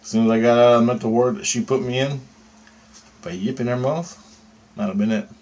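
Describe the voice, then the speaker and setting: Steady in tone, a little mellow and a bit fast, this man's medium-pitched voice carries an agitated, profane retelling of his dream for a vlog. He rambles and keeps tossing in "right?" as if checking with the listener.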